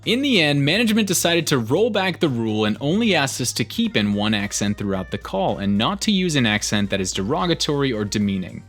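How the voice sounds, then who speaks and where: A man reads online stories aloud with an animated, swooping delivery. His voice sits in the middle of the male range, and soft music plays underneath. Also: mid-range voice, fairly quick, hardly any pauses. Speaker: story narrator. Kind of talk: reading online posts aloud.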